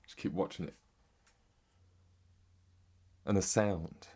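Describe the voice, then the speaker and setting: Sweary rambling English man, low voice. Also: brisk, dark tone, breathy edge. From Britain. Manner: rambling and sweary, drifting into mock accents. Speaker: comedic monologue host. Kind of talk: rambling deadpan comic monologue.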